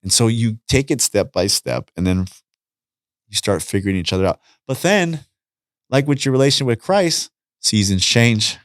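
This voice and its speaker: A middle-aged man with a fairly low voice chats casually as a podcast guest, speaking at normal speed. He tells stories with lots of energy and acts out the dialogue, and the recording is dry, with clean studio sound.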